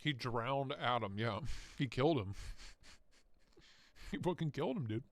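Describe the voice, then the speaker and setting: A man's voice: medium pitch, animated, unhurried, no echo. A man hosting a casual live stream, joking and rambling as he talks, often breaking into laughter. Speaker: livestream host.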